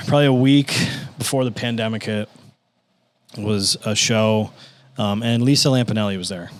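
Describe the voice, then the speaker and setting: A man with a fairly low voice tells casual stories at a moderate pace, and the recording has no room sound. He's a stand-up comedian on a podcast who energetically acts out the people he quotes, swearing along the way.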